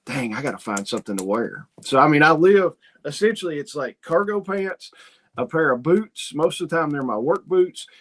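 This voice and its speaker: A man with a higher-pitched, fairly bright, expressive voice hosts a homesteading livestream at a moderate pace. He chats casually, reads out viewer comments, and drifts into rambling, folksy stories full of quoted asides.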